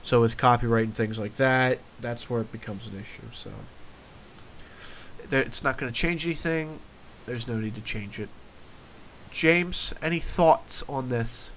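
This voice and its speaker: A man hosting a casual gaming podcast, upbeat and bossy, quick to laugh. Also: medium pitch, fairly bright tone, a little hiss or hum. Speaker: podcast host. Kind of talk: casual chat.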